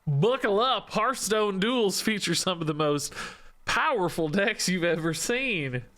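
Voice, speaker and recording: A man voicing a folksy southern cowboy, with a put-on Southern US accent and slow, drawn-out greetings. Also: high-pitched, lively intonation, pushed and bright, pitched above the performer's own voice, exaggerated voice. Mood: boastful.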